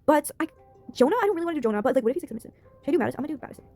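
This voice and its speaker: A woman reading an interactive story game aloud, with quick, giggly asides between characters. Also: sits high, lively intonation, a little mellow, faint music behind.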